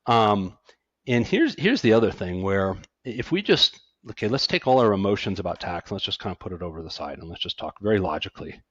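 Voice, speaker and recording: A man's voice: fairly low pitch, a little fast, dry recording, highs cut off. A middle-aged man, an accountant and podcast guest, talking casually and animatedly, with frequent restarts. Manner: animated, self-deprecating, stammers on restarts.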